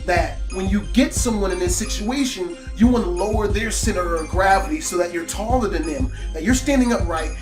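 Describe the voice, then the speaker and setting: A man's voice: sits high, a little fast, hardly any pauses. A man telling a personal story on his channel in a profane, emphatic storytime monologue, peppering his lines with "man". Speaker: YouTube storyteller. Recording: roomy echo, faint hip hop music.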